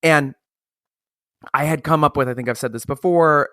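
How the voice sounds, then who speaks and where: A male podcast host telling a funny story in casual chat, animated, swearing freely and laughing along. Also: fairly high pitch, moderate pace, no room sound, studio quality.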